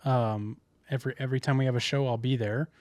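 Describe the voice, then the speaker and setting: A man's voice: mid-range voice, steady tone, quick pace, darkish tone, dry recording. A young man, a podcast co-host telling a rambling story in casual chat with many restarts.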